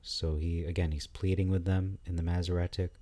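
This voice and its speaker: A man giving casual commentary on scripture, thinking aloud with frequent pauses, fillers and restarts. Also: deep voice, flat delivery, mellow.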